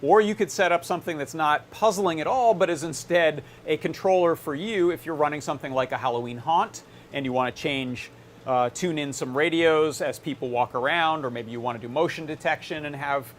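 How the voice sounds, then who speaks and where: A man's voice: fairly high pitch, brisk, slight background noise. Man casually demoing gear on a livestream. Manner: relaxed, explains while tinkering, frequent "uh". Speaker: electronics workshop host. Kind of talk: casual live demo.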